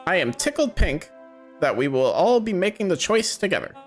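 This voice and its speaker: Man reads a folksy speechifying businessman, lively swooping delivery, soft game music underneath. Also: high-pitched, moderate pace, pitched above the performer's own voice. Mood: grandiose. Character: showy small-town businessman giving a festival speech.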